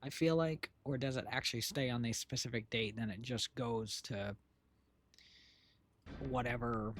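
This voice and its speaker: A woman's voice: extremely low pitch, steady tone, a little slow, a little hiss or hum. A woman co-hosting a stream in casual chat, rambling and laughing often. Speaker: streamer co-host.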